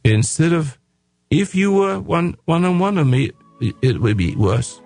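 Rough-voiced man preaching on radio. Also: mid-range voice, a little mellow. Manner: emphatic, raising his voice, preachy. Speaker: radio talk show host. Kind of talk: radio monologue.

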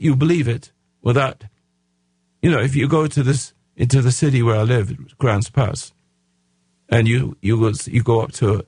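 Rough-voiced man preaching on radio. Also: medium pitch, darkish tone, dry recording. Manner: emphatic, raising his voice, preachy. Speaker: radio talk show host. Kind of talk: radio monologue.

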